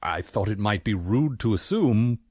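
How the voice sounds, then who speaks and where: A man's voice: lowish voice, lively intonation, moderate pace, darkish tone, breathy edge, dry recording. An actor voicing a prim, formal male butler with dry, polite delivery. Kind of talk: video game voice acting.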